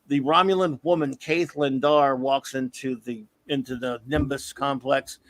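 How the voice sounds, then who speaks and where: A man in his fifties hosting a casual comics talk stream, an animated storyteller who often breaks into laughter. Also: medium pitch, a little slow, no echo. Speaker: comics podcast host. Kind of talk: casual live-stream chat.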